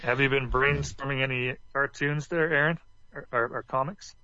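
A man's voice: medium pitch, steady tone, moderate pace, pushed and bright, no room sound, highs cut off. A man co-hosting a podcast in easygoing casual chat. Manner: easygoing, agreeable. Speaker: podcast co-host.

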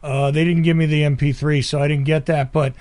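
A man's voice: a little high, little pitch movement, fairly quick, darkish tone. A man hosting a casual call-in podcast, chatty and laughing often between his fillers. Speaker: podcast host.

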